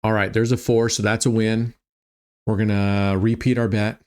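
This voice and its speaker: A man's voice: fairly low pitch, little pitch movement, normal speed, a little mellow, smooth. A tired man, a roulette streamer, casually talking through his betting strategies and thinking aloud with many small restarts. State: tired, yawning.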